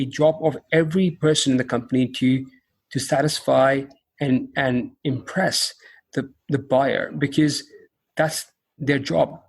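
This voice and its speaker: Halting, husky male business guest. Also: a little high. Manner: halting, repeats words and restarts often. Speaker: podcast guest, company founder. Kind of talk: casual interview answers.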